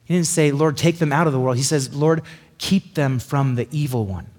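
A man preaching a casual, conversational sermon, chatty and animated, often acting out quick little voices to make a point. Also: a little high, slightly rough.

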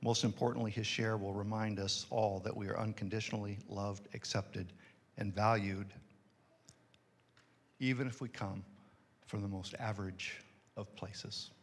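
A man hosting at church, reading an earnest, measured introduction of a guest speaker. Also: lowish voice, steady tone. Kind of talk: read introduction. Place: church hall. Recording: reverberant hall.

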